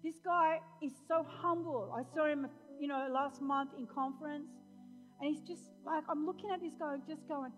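High-voiced lady pastor preaching, loud bits then chatty stories, echoey church. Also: fairly even intonation, moderate pace. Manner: preaching, swinging from loud proclamation to chatty storytelling. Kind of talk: sermon. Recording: long hall reverb, faint music.

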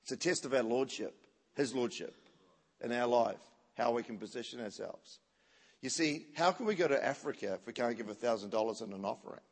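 Man, preacher, storytelling sermon, animated, laughing, long church-hall reverb. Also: mid-range voice, brisk. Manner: animated, laughing, acts out what people said.

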